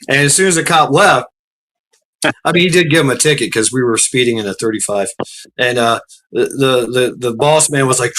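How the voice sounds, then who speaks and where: A man tells stories casually, with plenty of cursing and repeated starts. His voice sits at a middle pitch and has a bright, forceful edge. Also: brisk, slight background noise. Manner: profane, rambling, repeats words. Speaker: storyteller. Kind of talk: casual storytelling.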